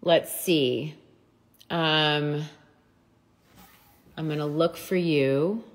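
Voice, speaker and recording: A woman's voice: sits low, fairly even intonation, extremely slow. A middle-aged woman hosting a casual livestream chat from her phone, bubbly and chatty, laughing often. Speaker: livestream host.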